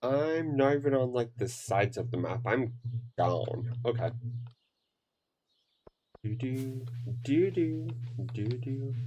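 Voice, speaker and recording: Slow, rambling streamer humming along. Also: female voice, rumbling low, expressive, mellow. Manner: rambling, hums to self, many fillers. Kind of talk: casual gameplay commentary.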